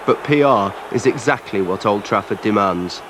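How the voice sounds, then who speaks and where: A man giving measured, wry scripted narration for a documentary. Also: fairly low pitch. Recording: noticeable background noise.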